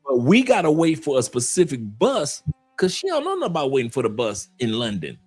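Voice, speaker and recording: A man from Detroit, a guest in a casual live chat, telling stories in an animated way and laughing often. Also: fairly high pitch, fairly quick, husky, faint music behind. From Detroit, USA.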